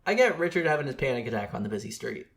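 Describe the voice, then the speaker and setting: A man at a middling pitch co-hosting a casual podcast. He talks with enthusiasm and rambles, tripping over and restarting his sentences. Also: sing-song, very fast, vocal fry. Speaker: podcast co-host. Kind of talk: casual chat.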